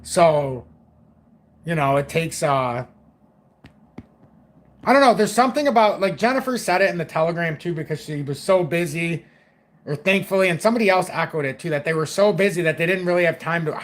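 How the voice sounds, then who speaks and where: A man's voice: fairly high pitch, fairly bright tone. A young man giving loose, rambling, profane crypto market commentary on his own stream.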